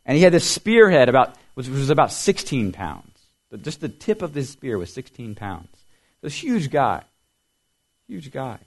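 A middle-aged man pastor preaching a sermon, explaining things clearly and quizzing the children with riddles. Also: mid-range voice, sing-song, normal speed.

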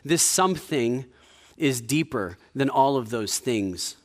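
A man preaching a sermon in a conversational way, with frequent restarts, dropping to a quiet low voice for emphasis. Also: animated, takes it slowly. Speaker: pastor.

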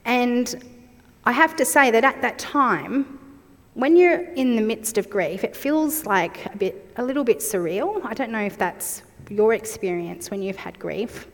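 Slow, reflective woman preaching in a hall. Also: fairly high pitch, expressive. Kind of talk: sermon.

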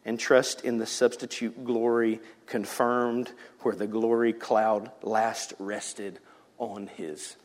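A man's voice: lowish voice, flat delivery, slow. Man preaching in an echoey church. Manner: dynamic preaching, swings from shouts to whispers. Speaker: pastor. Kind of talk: sermon. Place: church sanctuary. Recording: church hall reverb.

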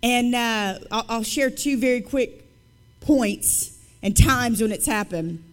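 At a church service, a woman shares her testimony as an author and guest speaker. Her storytelling is lively, conversational and emphatic, in a slightly high, slow voice.

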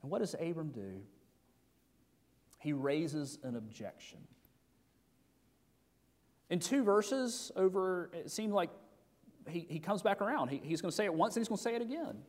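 A middle-aged male pastor preaches in a relaxed, conversational way, putting questions to his listeners and restarting his phrases. His voice sits fairly high for a man. It rings with a long reverb, as in a large hall. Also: normal speed, long pauses. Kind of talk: sermon.

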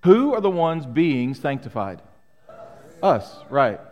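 A middle-aged pastor preaches to his congregation in a church sanctuary, his voice on the high side, sing-song and darkish, taking his time. He is emphatic and fires off rhetorical questions, and the recording carries a long hall reverb.

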